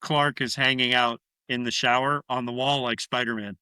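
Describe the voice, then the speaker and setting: A man's voice: mid-range voice, normal speed, smooth, dry recording. A man co-hosting a podcast, retelling a horror film scene by scene in casual, profane chat. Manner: profane, animated retelling with acted-out quotes. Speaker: podcast co-host.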